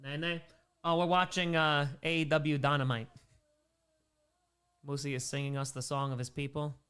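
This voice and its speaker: A man's voice: fairly high pitch, flat delivery, moderate pace, a bit bright, clean tone. A man hosting a charity livestream, reading out donations and bantering with chat, sometimes in character as a made-up persona.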